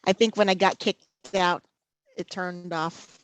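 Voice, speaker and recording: A woman presenting a live safety training webinar over a video call, slow and halting, often pausing to check in with "okay". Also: fairly low pitch, fairly even intonation, dry recording. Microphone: computer mic over video call.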